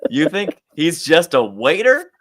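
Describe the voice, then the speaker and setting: A man co-hosting a casual podcast, his pitch leaping all over as he jokes and swears. He slips into quick character voices to act out scenes. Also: wildly swooping pitch, fairly bright tone. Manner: crude, joking, acts out characters in voices. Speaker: podcast co-host. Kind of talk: casual chat.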